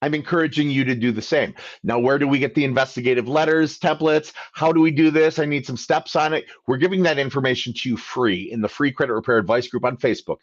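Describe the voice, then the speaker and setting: A man's voice: mid-range voice, fast, hardly any pauses, no echo, muffled recording. A man hosting a live question-and-answer session as a credit coach, talking emphatically and acting out both sides of phone calls. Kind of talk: livestream Q&A talk.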